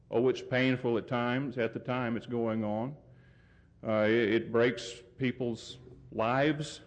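A man preaching a sermon, earnest and emphatic, lifting his voice on key points and slowing down to stress them. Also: darkish tone. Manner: earnest, emphatic, rising pitch on key points, deliberate pauses.

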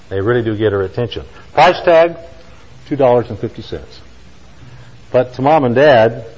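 Man preaching with slow emphatic stresses. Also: medium pitch, darkish tone, in a large hall, highs cut off. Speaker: pastor. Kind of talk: sermon storytelling.

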